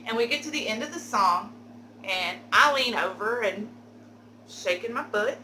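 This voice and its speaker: A woman telling a candid, animated story for her vlog, cursing now and then. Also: fairly high pitch, measured pace, echoey room, slight background noise, rough recording. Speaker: beauty vlogger telling a story.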